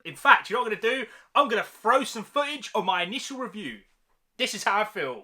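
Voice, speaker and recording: Guy roasting bad movies, high bright voice, slangy and over the top. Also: animated, quick pace. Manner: slangy, exaggerated, mocking. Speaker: movie reviewer. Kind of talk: ranting review vlog.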